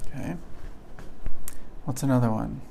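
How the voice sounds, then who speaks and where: A man teaching a pronunciation lesson, explaining slowly and checking in often with "okay?". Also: mid-range voice, steady tone, gravelly, warm tone, a little hiss or hum. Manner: slow, repetitive, checking in with "okay?". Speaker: English teacher.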